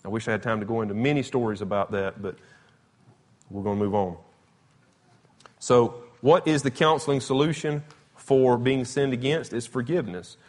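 Brief: man, casual Bible teacher, emphatic storytelling, mid-pitched voice. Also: normal speed, long pauses. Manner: conversational, emphatic, retells scripture with animated quotes. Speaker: preacher. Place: church or classroom with slides.

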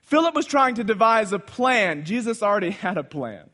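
Man, preacher, sermon, high voice, very lively pitch, loud bursts and quiet asides. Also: normal speed. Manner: animated, swings from loud exclamations to hushed asides. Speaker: pastor.

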